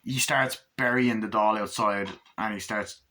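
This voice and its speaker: A man giving a casual movie review, retelling scenes in an animated way with lots of swearing and fillers. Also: fairly low pitch, measured pace.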